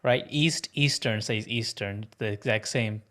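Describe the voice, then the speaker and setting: A man's voice: fairly low pitch, measured pace, a bit bright. A man co-hosting a casual podcast, musing and thinking aloud as he talks. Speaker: podcast co-host.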